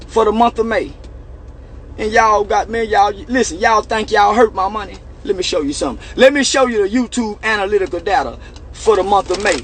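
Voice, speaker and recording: A man with a strikingly high voice delivers a boastful, casual vlog rant. He taunts his critics in profane street slang and circles back over the same lines, all swagger and bragging. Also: fairly bright tone. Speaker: online personality.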